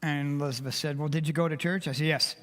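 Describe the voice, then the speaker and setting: Older man, slightly high voice, heartfelt and emotional testimony, echoing church hall. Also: fairly even intonation, fast talker. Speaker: church member giving a testimony. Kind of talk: personal testimony to a congregation. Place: church sanctuary. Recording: long reverb of a church hall.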